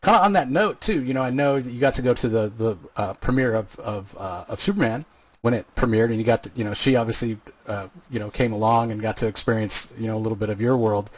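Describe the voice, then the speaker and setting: Podcast host guy, husky low voice, super dry close sound, rambles with lots of "you know"s. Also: fast, no room sound. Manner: rambling, filler-heavy, earnest praise. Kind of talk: casual interview chat.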